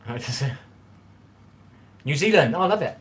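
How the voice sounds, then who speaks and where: A man's voice: on the high side, animated, moderate pace, a little hiss or hum. A man chatting casually with viewers while cooking on a livestream, rambling and repeating himself as he reads the chat. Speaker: livestream host reading chat.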